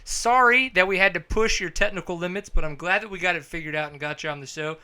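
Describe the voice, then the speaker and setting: A man hosting a casual motorsport podcast, upbeat and joking, with sudden bursts of high energy. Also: fast talker, pushed and bright, smooth. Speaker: podcast host.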